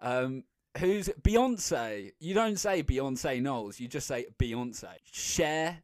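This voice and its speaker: A young man co-hosting a casual podcast chat, jokey with quick quips. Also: mid-range voice, lively intonation. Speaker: podcast co-host.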